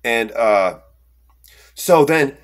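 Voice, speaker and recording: A young man telling a personal story in a rambling, animated way, with lots of fillers and restarts, and acting out the quotes. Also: mid-range voice, very slow. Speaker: storyteller recounting an encounter. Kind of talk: casual first-person storytelling.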